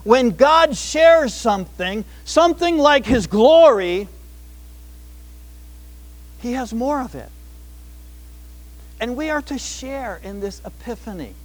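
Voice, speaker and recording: A man preaching a sermon, shifting between emphatic declarations and quieter asides. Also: very high-pitched, expressive, takes it slowly, long pauses. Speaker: pastor.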